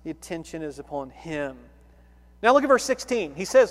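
A man preaching an expository sermon, earnest and emphatic, swinging between loud stresses and quiet low asides. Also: very animated, unhurried. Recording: long hall reverb.

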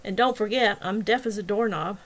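A man's voice: sits high, a little fast. A self-pitying deaf young man, a little drunk, mumbles his way through his words, as a woman reads him aloud. He puts himself down in a storybook reading. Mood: bitter.

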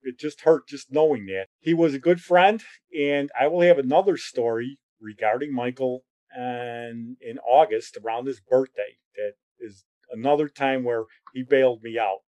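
A man's voice: normal speed, few pauses, highs cut off. A middle-aged man telling personal memories in a casual, rambling way. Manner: rambling, conversational, drops lower and quieter when reflective. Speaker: storyteller.

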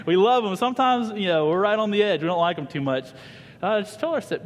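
A man in his thirties preaching a sermon to a congregation, telling funny family stories with lively humor. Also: high-pitched, fast, a little hiss or hum. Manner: animated, humorous storyteller addressing a congregation. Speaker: pastor. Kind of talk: sermon with personal storytelling. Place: church hall. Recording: reverberant church hall.

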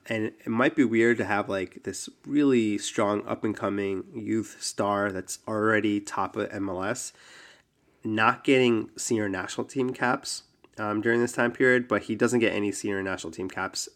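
A man's voice: lowish voice, fairly even intonation, normal speed, fairly bright tone. A man casually telling a long story on a podcast, with frequent ums and likes. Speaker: podcast host.

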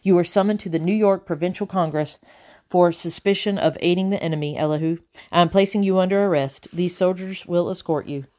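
A woman's voice: on the low side, fairly quick, a little mellow, lightly acted. A woman reading the part of a stern, formal male officer making an arrest, clipped and firm.

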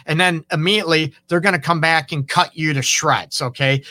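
A man's voice: on the high side, animated, normal speed, few pauses, pushed and bright, dry recording. Chatty Detroit man giving relationship advice. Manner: conversational, many fillers and asides, acts out quoted exchanges. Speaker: relationship counselor and show host. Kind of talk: unscripted advice talk.

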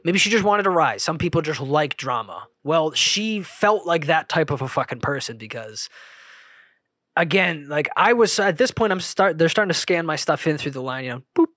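Podcast host, male, casual rambling monologue, heavy profanity, raised pitch, dry booth sound. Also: animated, moderate pace, pushed and bright, no echo. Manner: rambling, profane, self-interrupting.

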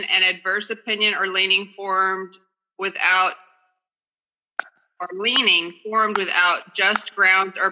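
A woman's voice: mid-range voice, sharp tone, dull audio. A woman speaking at a recovery meeting over a phone video call, in casual, chatty and self-deprecating talk, sometimes reading aloud.

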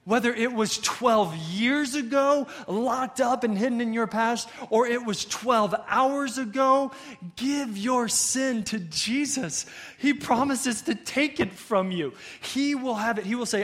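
A man preaching a sermon to his congregation, conversational and animated, often checking in with "right?" and "okay?". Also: very high voice, slow. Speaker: pastor.

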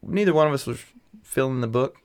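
A man's voice: mid-range voice, lively intonation, fast talker, clean tone. A young man co-hosting a podcast in casual, joking, rambling chat. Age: young adult. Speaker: podcast co-host.

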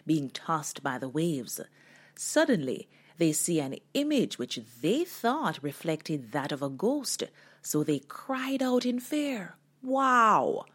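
A woman hosting a devotional talk, delivering her message with dramatic storytelling. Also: low-pitched. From Jamaica. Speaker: host. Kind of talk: devotional sermon.

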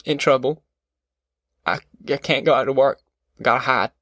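A man's voice: mid-range voice, moderate pace, fairly bright tone, no echo, studio quality, natural voice. A man voicing a beaten, weary young farmhand son who speaks tersely in rural folksy speech.

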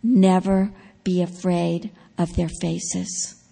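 A woman giving a sermon testimony, telling her story with drama and growing loud at the key points. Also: on the low side, flat delivery, slow, vocal fry, in a large hall. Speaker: preacher.

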